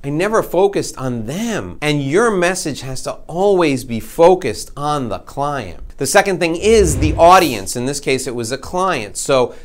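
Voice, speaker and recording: A man giving a sales training talk, telling an energetic, self-mocking story in a conversational way. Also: on the high side, measured pace, hardly any pauses.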